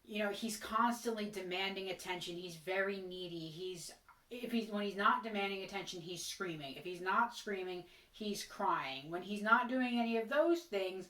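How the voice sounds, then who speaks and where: A woman's voice: mid-range voice, fairly bright tone. A woman casually reviewing a horror film in a chatty, exasperated way, with frequent ums. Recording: roomy, distant mic.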